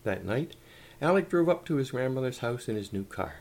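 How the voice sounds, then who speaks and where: A man reading a humorous story aloud in a wry, lively way. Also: mid-range voice, fairly quick.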